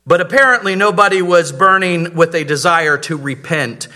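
Guy preaching a sermon, bit higher voice, emphatic, throws out lots of questions. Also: moderate pace, bright, forceful tone. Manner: dramatic, emphatic storytelling with rhetorical questions. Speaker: pastor.

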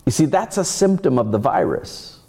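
A man's voice: medium pitch, big pitch swings, a little mellow, breathy edge. A male pastor delivering a sermon, telling stories and putting on voices for the characters in them. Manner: storytelling with acted voices and dramatic pauses.

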